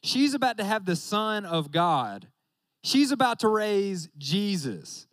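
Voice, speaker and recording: A young man gives a casual, joking sermon in a high, light voice. He keeps turning to his listeners and talking straight at them. The sound is close and dry, with no room echo. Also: sing-song, slow, fairly bright tone. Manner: joking, talks straight to the audience with "y'all".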